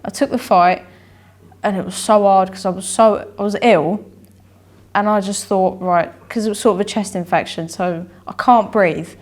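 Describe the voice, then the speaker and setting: A woman's voice: medium pitch, fairly even intonation, moderate pace. A young woman, a boxer telling her story in an interview, rambling, repeating herself and acting out what she and others said. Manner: rambling, repeats herself, acts out her own inner voice and dialogue. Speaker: amateur boxer, interview guest.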